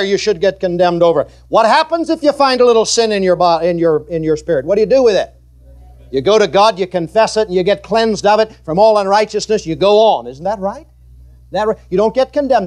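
A man preaching a sermon, leading the congregation in call-and-response and repeating his phrases. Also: sits high. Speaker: pastor.

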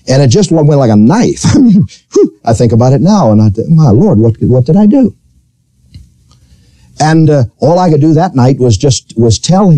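A pastor delivers his sermon with a voice that swoops up and down as he tells a story. His tone is warm and mellow, fairly high for a man, and the sound is close and dry. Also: no room sound. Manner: storytelling preacher, animated, rising to high pitch when quoting. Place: church.

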